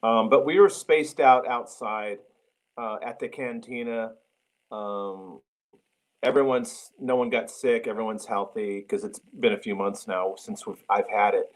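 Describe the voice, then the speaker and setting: A man's voice: on the low side, fairly even intonation, a little slow, poor audio. Blunt, outspoken man interview guest. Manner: blunt, swears freely. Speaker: interview guest, film director. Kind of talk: casual podcast chat.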